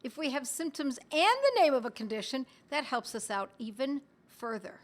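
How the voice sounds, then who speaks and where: A middle-aged woman teaching on a live stream in a chatty way, talking straight to her viewers and reading their comments aloud, with the odd cough and throat clearing. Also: high-pitched, big pitch swings, moderate pace. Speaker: homeopathy educator hosting a live stream.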